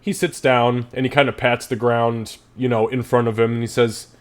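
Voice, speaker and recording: A man's voice: mid-range voice, little pitch movement, normal speed. A man running a tabletop game, narrating casually with swearing and laughter. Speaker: game master.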